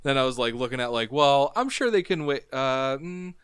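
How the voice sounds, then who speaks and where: A man running a tabletop game as game master, relaxed and quick to laugh, explaining rules with many fillers. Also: medium pitch, smooth, no echo, clean studio sound.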